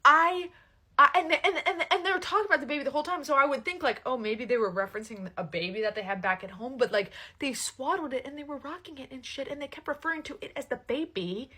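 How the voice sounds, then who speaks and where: A young woman tells a story in a casual chat, her voice bright and forceful. She swears freely and acts out the people she quotes, swinging between hushed asides and loud outbursts. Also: high-pitched, fast, few pauses, breathy edge.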